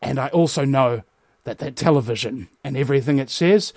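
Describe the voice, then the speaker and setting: A man hosting a talk show, ranting in an animated way and swearing often. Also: mid-range voice, fairly quick, no echo, studio quality.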